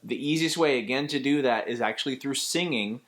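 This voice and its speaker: Talking a little fast at a middling pitch, a male voice actor walks through a vocal technique in a casual tutorial. His relaxed, chatty, step-by-step explanation feels like a teacher guiding students through an exercise.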